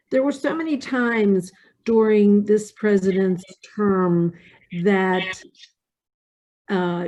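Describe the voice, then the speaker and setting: Lady asking a long question on a video call, slow, mellow voice. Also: mid-range voice. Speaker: audience member asking a question. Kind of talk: posing a question.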